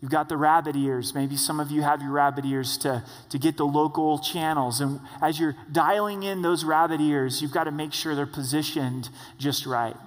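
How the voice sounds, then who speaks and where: A male pastor preaching a sermon in a conversational way, slowing down to stress key points. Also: a little high, steady tone. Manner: conversational, slows for emphasis. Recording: long reverb of a church hall.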